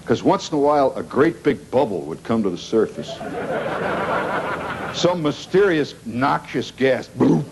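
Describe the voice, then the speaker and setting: A middle-aged man telling a rambling comic story to a live audience, wry and animated, with dramatic pauses and sound effects. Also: medium pitch. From Indiana, United States. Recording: 1970s live recording with noisy audience.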